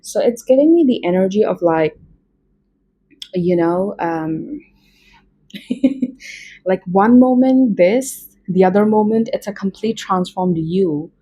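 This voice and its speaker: Mellow-voiced woman with an Indian accent. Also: mid-range voice, animated, slow pace, long pauses, husky, poor audio. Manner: chatty, rambling with many fillers and laughs. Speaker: tarot reader. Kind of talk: casual tarot reading.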